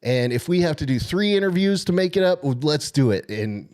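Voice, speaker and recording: A man co-hosting a casual sports podcast, telling a long story in an excited, rambling way. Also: on the high side, a little fast. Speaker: podcast co-host.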